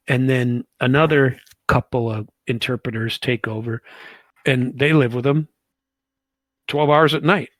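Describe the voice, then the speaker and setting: Older man, army veteran, rambling casual storytelling, chuckles, mid-pitched voice, dry close sound. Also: fairly bright tone, dry recording. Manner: rambling, chuckling, many fillers.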